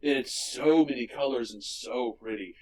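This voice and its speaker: A man co-hosting a casual movie podcast, retelling scenes with energy and quick character voices. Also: mid-range voice, darkish tone, far from the mic, low-quality recording. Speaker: podcast co-host.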